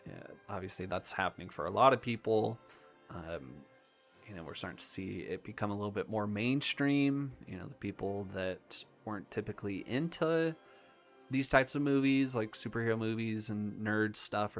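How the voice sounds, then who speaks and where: A man's voice: lowish voice, moderate pace, faint music behind. A young man hosting a live stream, chatting casually about movies in a rambling way, with lots of ums and half-finished thoughts. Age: young adult.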